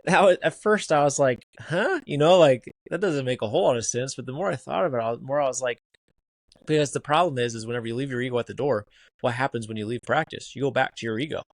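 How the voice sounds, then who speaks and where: A man's voice: medium pitch, very fast, creaky, dry recording. A man hosting a podcast who talks reflectively and asks follow-up questions in a casual interview. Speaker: podcast host.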